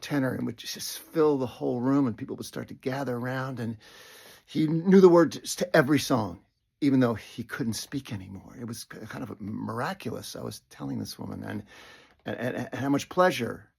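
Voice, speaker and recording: A middle-aged man telling a personal story in a reflective way, often restarting and dropping into soft whispers. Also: medium pitch, moderate pace, creaky, slightly rough.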